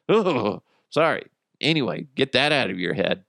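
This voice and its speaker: A man's voice: mid-range voice, big pitch swings, normal speed, gravelly, fairly bright tone, dry recording, clean studio sound. A man hosting a podcast, telling stories in a casual, profane, comedic way and laughing at his own jokes. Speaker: podcast host.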